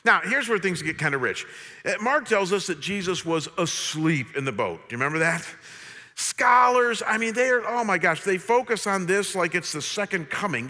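Preacher guy giving a sermon, kinda high bright voice, jokey with the crowd, big hall echo. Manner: animated, humorous, addresses congregation directly. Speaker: pastor. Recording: long reverb of a large hall.

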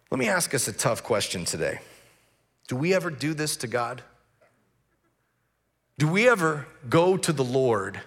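A pastor preaching a sermon, animated and acting out the voices of grumbling people. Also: male voice, medium pitch, normal speed. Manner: animated, acts out voices of complainers.

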